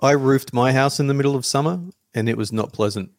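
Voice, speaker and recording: A man's voice: medium pitch, fast, no room sound. A laid-back man with a mid-range voice, chatting offhand on a podcast and swearing casually. His mic sounds dry and close. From Australia. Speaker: podcast co-host. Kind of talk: casual chat.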